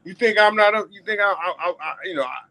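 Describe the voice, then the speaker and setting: A man's voice: high-pitched, quick pace, pushed and bright, rough recording. Emphatic New man riffing solo. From New York. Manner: emphatic, repetitive, addresses viewers directly. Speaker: talk show host. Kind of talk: casual solo commentary.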